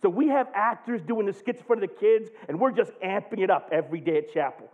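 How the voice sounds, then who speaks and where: A man in his thirties preaching, telling a funny camp story with excitable, jokey energy and loud bursts. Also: sits high, fast. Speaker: pastor. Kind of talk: animated sermon storytelling. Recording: tinny phone-like sound.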